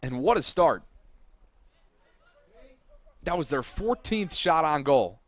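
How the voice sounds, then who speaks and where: A man calls play-by-play live for a college soccer broadcast, staying steady between plays and shouting on the big moments. His voice is fairly high and his pace slow.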